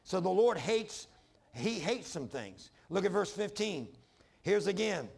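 Fervent preacher man, gravelly high voice. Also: sing-song, a little slow. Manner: fervent, emphatic preaching that swings from loud to hushed; calls for congregation responses. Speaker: pastor. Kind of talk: sermon.

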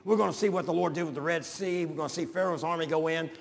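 An older man preaching a folksy sermon to his congregation, building to shouts. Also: fairly high pitch, fast, vocal fry, in a large hall. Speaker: pastor.

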